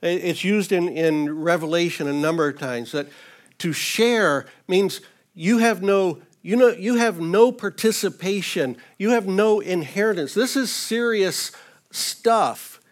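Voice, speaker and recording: Male Bible teacher with a slightly high voice who explains scripture conversationally, earnest with a light touch of humor. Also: unhurried. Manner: informal and earnest, with light humor and frequent "you know".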